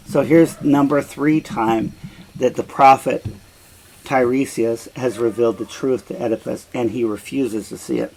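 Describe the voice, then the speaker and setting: A middle-aged man teaching and explaining a play, deliberate and explanatory. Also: medium pitch, gravelly, darkish tone, slight background noise, low-quality recording. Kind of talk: slow reflective commentary.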